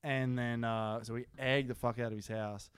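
A man's voice: mid-range voice, level tone, moderate pace, smooth, no room sound, studio quality. A man co-hosting a casual podcast, swearing often as he tells a story. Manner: swears often, laughs while telling stories. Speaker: podcast co-host.

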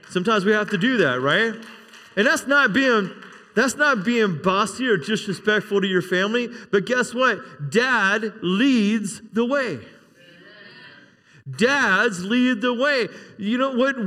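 Male pastor, sermon delivery, bright forceful tone, conversational with call-and-response, long church-hall reverb. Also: sits high. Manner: conversational preaching with frequent call-and-response amens. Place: church sanctuary.

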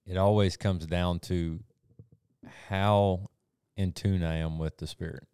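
A man's voice: low-pitched, fairly even intonation, slow pace, mellow, clear, resonant tone, no room sound. A man speaking earnestly and reflectively in a casual faith discussion. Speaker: group discussion member.

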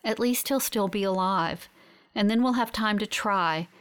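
A woman voicing a steady woman scientist who explains things in a measured way. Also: mid-range voice, clear, resonant tone, natural voice. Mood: calm.

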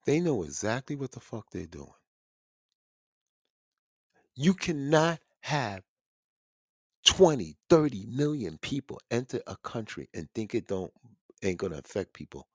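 A man's voice: medium pitch, a little slow, long pauses, husky, dry recording, studio quality. A man hosting a podcast, ranting in casual, profane commentary. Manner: animated, swearing, ranting. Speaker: podcast host.

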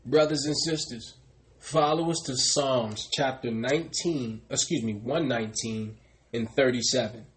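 A man's voice: mid-range voice, measured pace, low-quality recording. A man preaching a sermon, repeatedly addressing his listeners as brothers and sisters and calling on a reader to repeat verses.

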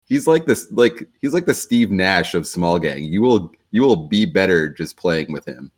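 A man's voice: deep voice, expressive, measured pace, slightly rough. A man hosting a casual podcast chat, rambling loosely with lots of fillers. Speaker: podcast host.

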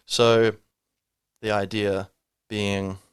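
A man's voice: on the low side, level tone, extremely slow, clean tone, no echo, clean studio sound. A man hosting a solo podcast, talking reflectively and rambling, with many fillers and restarts. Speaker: podcast host.

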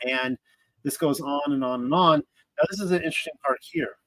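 A man's voice: on the high side, normal speed, fairly bright tone, no echo, low-quality recording. A man reading scripture aloud and commenting in a casual, thinking-aloud way, with fillers and restarts. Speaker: Bible study teacher.

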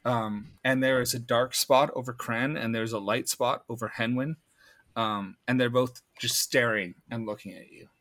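A man running a tabletop game as game master, narrating slowly with many pauses and ums. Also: medium pitch, steady tone, a bit bright. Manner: slow, halting, with many ums.

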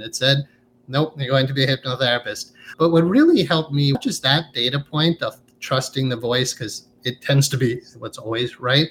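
A man in a relaxed interview, speaking earnestly and reflectively about inner growth. His voice sits at an ordinary middle pitch, with a faint hiss of noise behind him. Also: normal speed. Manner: earnest, reflective, often ends with "right?". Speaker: guest, hypnotherapist. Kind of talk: conversational interview.

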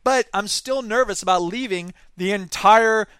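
A man's voice: high-pitched, moderate pace, a bit bright, clear, resonant tone, no echo. A man hosting a casual talk show, reading news items aloud and commenting on them with self-deprecating asides. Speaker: podcast host.

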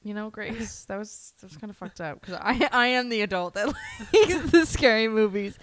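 A woman's voice: mid-range voice, animated, moderate pace, fairly bright tone, slight background noise. Casting note: young woman, giggly chatty co-host, mid-range voice. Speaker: podcast co-host. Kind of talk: casual chat.

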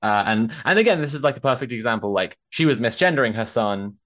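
Brief: young man, mid pitch, rambling casual storyteller, swears freely. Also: fast talker. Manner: animated, swearing, lots of fillers.

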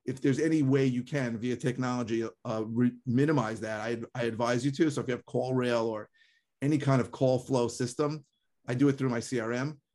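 A man with a medium-pitched voice talks fairly quickly as co-host of a casual podcast conversation. He tells stories animatedly, acting out the callers.

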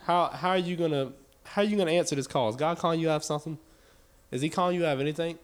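A man's voice: on the high side, rapid-fire. A man preaching a sermon to his church, building in intensity with repeated phrases and folksy talk. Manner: impassioned, repetitive preaching cadence; folksy, with y'all.

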